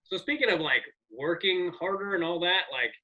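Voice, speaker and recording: A man in his forties, a comedian guest telling rambling, animated stories in casual podcast chat. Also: high-pitched, moderate pace, muffled recording. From American South. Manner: rambling, animated storyteller with profanity.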